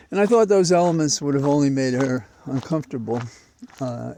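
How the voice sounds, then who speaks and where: Man, outdoor walk, reflective rambling commentary, mid-pitched voice, faint background noise. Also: a little mellow. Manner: rambling, reflective, with many "uh" pauses. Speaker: vlogger. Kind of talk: walking commentary. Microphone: portable mic carried while walking.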